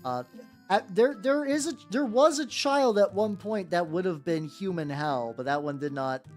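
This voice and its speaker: Painting miniatures on stream, an American woman with a fairly low, slightly mellow voice talks at a moderate pace. Her chat with viewers is casual, playful, and rambling, with some swearing, and faint background music can be heard.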